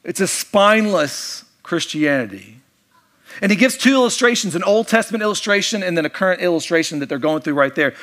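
A man's voice: on the high side, fairly bright tone. A man preaching a sermon, telling the story in a casual, joking way and acting out the characters' lines. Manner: storytelling, jokey, acts out quoted voices. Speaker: pastor.

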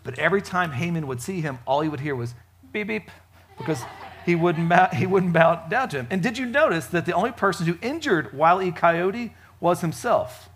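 A man preaching a casual sermon at a church service, chatty and joking, with frequent fillers and lively swings in loudness. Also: sits high, fairly quick, husky. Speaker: pastor.

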